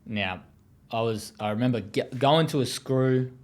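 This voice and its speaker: A man's voice: medium pitch, unhurried. An Australian man speaking as an interview guest, telling his story in a blunt, profane, casual way with many fillers.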